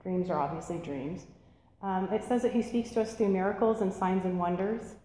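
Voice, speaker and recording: A woman teaching an interactive sermon, animated and laughing, asking the audience questions. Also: medium pitch, moderate pace. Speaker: church teacher. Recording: echoey hall, faint room noise.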